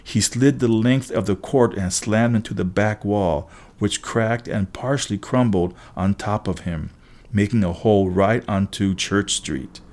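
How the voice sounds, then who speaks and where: Man narrating an audiobook, lowish voice. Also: unhurried, darkish tone. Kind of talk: first-person audiobook reading.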